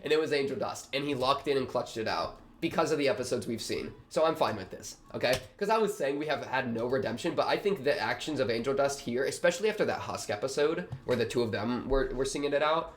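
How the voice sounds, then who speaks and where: A man's voice: mid-range voice, lively intonation, fast talker, hardly any pauses, slight background noise. A young man hosting a reaction video, talking in a rambling, slangy way with lots of fillers. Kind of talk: casual reaction commentary.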